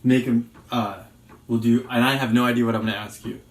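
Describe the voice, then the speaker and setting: A man's voice: medium pitch, flat delivery, a little fast. A father chatting casually and jokingly, then quizzing his partner like a bossy interviewer. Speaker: co-host asking questions. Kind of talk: casual chat. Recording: roomy with faint noise.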